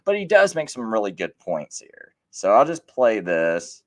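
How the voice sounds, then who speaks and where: Here a middle-aged man runs a live stream with a low, sing-song voice at normal pace, barely pausing at all. His talk is rambling and relaxed, packed with fillers and restarts, and he likes to act out what others told him.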